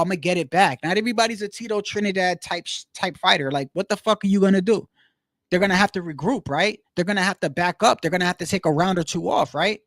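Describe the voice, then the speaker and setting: A man's voice: high voice, dry recording, studio quality. A man giving a casual, swearing opinion rant to his viewers, saying "bro" a lot. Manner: animated, swears often, says "bro" a lot. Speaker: boxing commentator.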